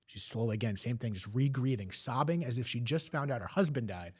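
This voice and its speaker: Man, podcast guest, rapid emotional storytelling, mid-pitched. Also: lively intonation, breathy edge. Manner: fast, emotional retelling with acted quotes. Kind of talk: personal storytelling.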